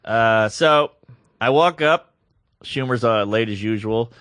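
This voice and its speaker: A man's voice: medium pitch, takes it slowly, a bit bright, smooth, no room sound, clean studio sound. A man co-hosting a podcast, telling a story in casual comedy chat, playful with goofy asides. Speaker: podcast co-host.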